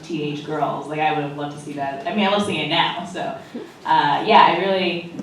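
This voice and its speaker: An actress on a premiere panel giving a relaxed, enthusiastic answer with some hesitations. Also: female voice, low voice, moderate pace, distant mic, a little hiss or hum. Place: large festival theater. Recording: echoey hall, mic heard from afar.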